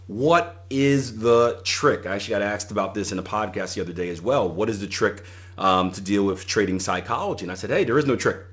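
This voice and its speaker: Here the voice is lowish and fairly bright, belonging to a middle-aged trading coach who hosts a solo podcast. He gives advice in a conversational way and brings anecdotes to life as he recounts them.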